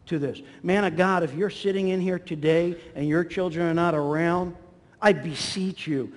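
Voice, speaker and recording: A man preaching a sermon in a church hall, animated and acting out the voices in his stories. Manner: animated, acts out quotes with swings in pitch and volume. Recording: long hall reverb.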